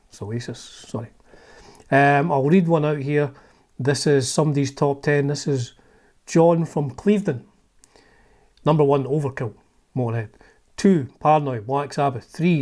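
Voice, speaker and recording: Chatty Scottish man with a mellow voice. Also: a little high. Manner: chatty, enthusiastic asides, swears under his breath. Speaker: vlog host. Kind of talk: casual chat reading from a magazine.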